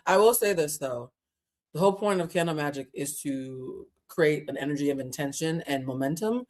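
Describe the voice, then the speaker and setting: A woman's voice: low voice, expressive, moderate pace. A woman hosting a casual livestream, chatty and laughing often, with a Black way of talking and easy swearing. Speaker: host.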